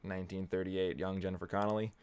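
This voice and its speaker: A man giving casual watch-along movie commentary, muttering laid-back reactions with bursts of excitement and casual swearing. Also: low voice, fast talker, smooth.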